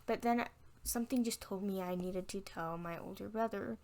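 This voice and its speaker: A woman's voice: mid-range voice, normal speed, a little mellow. A young woman telling a personal story on her vlog, frank and candid, acting out what people said. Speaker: vlogger.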